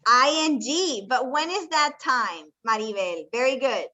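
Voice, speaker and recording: In a classroom, a woman teaches English, alternating between English and Spanish, breaking explanations into patient steps and testing her students. She speaks in a high, sharp-toned voice that's animated yet measured in pace.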